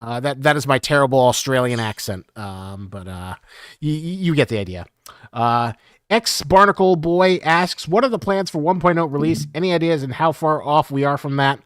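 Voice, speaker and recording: A man hosting a community live stream, reading out viewer questions in a casual, halting way with lots of fillers. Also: fairly high pitch, clear, resonant tone, no echo, clean studio sound. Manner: halting, many fillers, chuckles often.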